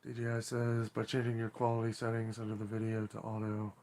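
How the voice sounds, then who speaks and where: A man's voice: fairly low pitch, monotone, brisk, a little mellow. A man hosting a casual live stream, chatting in a rambling way and reading viewer comments aloud. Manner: rambling, chatty, apologetic, laughs often.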